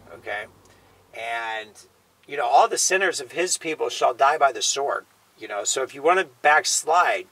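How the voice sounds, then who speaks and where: A man teaching the Bible in a casual sermon style, often tagging his points with a quiet "okay?" or "you know". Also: medium pitch, rough recording. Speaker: preacher.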